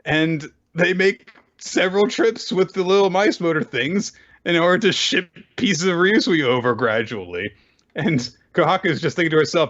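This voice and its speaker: A man's voice: on the high side, lively intonation, normal speed, a bit bright. A man recapping a manga chapter in a casual chat and acting out the characters' lines with animation. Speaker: podcast co-host. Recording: dull lo-fi audio.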